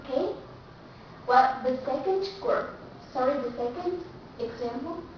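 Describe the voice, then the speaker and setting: A woman teaching English pronunciation, speaking slowly and deliberately and repeating each example word. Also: high voice, a little hiss or hum. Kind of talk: classroom pronunciation lesson. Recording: echoey, dull recording from far off.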